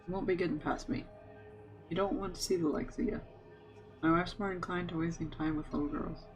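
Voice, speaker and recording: A streamer reading a huge, gruff Irish ghost man's lines aloud, in a loud and blunt Irish accent. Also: mid-range voice, fairly even intonation, fairly quick, over music, natural voice. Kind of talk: reading game dialogue aloud.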